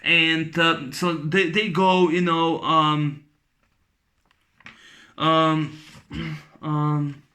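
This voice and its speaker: A man talks through a favorite film in a loose, gushing review, stumbling over restarts and fillers. His voice sits fairly high with a bright, sharp edge, and his delivery is casual and unscripted. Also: little pitch movement, extremely slow, long pauses. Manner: rambling and enthusiastic, many fillers and restarts. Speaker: movie reviewer.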